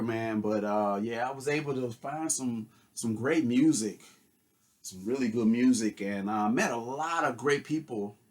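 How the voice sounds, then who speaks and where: Relaxed man chatting about his record haul. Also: medium pitch. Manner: relaxed, enthusiastic, rambling with fillers. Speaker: record collector vlogger. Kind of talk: casual haul video chat.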